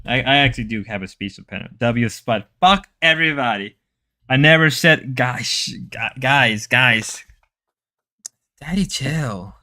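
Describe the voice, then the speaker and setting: Bright, jokey male streamer. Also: medium pitch, normal speed. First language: Spanish. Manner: rambling, jokey, slips into mock voices. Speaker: livestream host. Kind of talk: casual stream chat with viewers.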